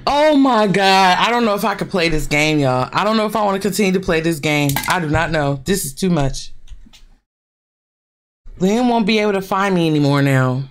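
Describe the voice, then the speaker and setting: A woman hosting her gaming channel, giving casual horror game commentary. She is excitable, swears a lot, and keeps talking to her viewers. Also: fairly low pitch, a little fast, a little hiss or hum.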